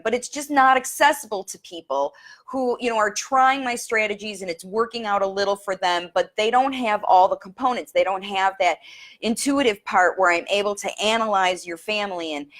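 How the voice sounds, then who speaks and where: A chatty middle-aged woman talks off the cuff to her viewers, her sentences circling back with "you know" and "um". Her voice sits at an ordinary pitch, and at moments she turns teary as she talks. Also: a bit bright. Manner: chatty, many fillers and restarts; gets emotional, teary. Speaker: speech and language coach. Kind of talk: casual live video talk.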